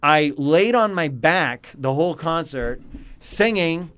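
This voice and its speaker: A man in his thirties co-hosting a podcast, telling a story with animated quotes in casual chat. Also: on the high side, takes it slowly, smooth. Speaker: podcast co-host.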